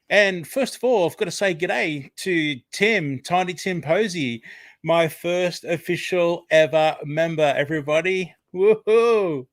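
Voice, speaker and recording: An Australian man hosts a live chat from his desk, his voice sitting a touch high for a man. He talks in a rambling, filler-heavy way, greeting viewers by name. The sound is dry and close, with no room echo. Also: fairly bright tone. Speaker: livestream host. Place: home room at a computer. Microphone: desk microphone.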